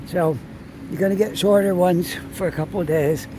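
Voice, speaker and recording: A man's voice: high voice, steady tone, moderate pace. A man from Canada narrating a walk through city streets, chatting and rambling as he thinks aloud, recorded on a phone. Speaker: walking vlogger. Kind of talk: casual walking narration. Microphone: phone held while walking. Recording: outdoor street noise behind.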